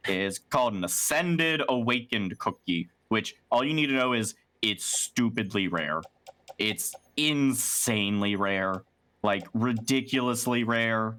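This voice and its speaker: A man hosting a casual gaming stream, talking in an animated, rambling, profane way. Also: fairly low pitch, measured pace. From United States. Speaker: streamer host.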